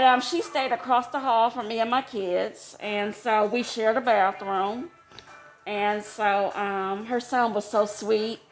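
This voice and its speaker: A woman telling a casual personal story, chatty and quick to laugh, her voice jumping high when she gets excited. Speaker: vlogger. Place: homeless shelter.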